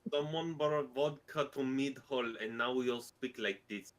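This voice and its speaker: A man playing a tabletop game, joking around in a slow, drawn-out way. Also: medium pitch, low-quality recording. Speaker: player.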